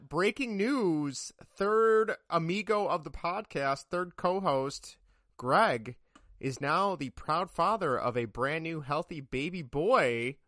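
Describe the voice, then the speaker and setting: A man's voice: sits high, sharp tone, no room sound, clean studio sound. A man co-hosting a casual sports podcast, rambling and joking, often laughing at himself. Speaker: podcast co-host.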